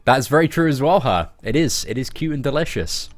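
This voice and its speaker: Brief: British male streamer, jokey live chat, animated pitch, faint music behind. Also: fairly quick. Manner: playful, joking, laughs often. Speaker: game streamer. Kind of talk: casual live-stream chat reading out viewer comments.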